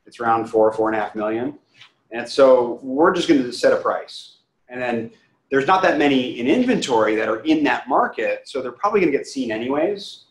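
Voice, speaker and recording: A man's voice: mid-range voice, expressive, fairly quick. A man who is a real estate agent, giving a casual training talk and acting out both sides of client conversations. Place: training room. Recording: echoey room.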